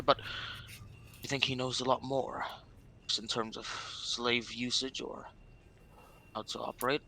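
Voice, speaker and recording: A man playing a tabletop game, speaking in character in a halting way, restarting his phrases. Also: mid-range voice, little pitch movement, vocal fry, sharp tone, a little hiss or hum, rough recording. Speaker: player.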